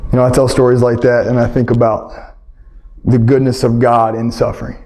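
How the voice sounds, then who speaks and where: A middle-aged man doing stand-up storytelling, animated and acting out scenes with big swings in his voice. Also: mid-range voice, brisk. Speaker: stand-up comedian.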